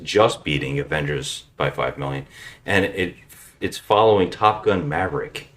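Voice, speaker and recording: A man's voice: a bass voice, normal speed, a bit bright. A man hosting a podcast, chatting casually with profane, joking banter. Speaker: podcast host.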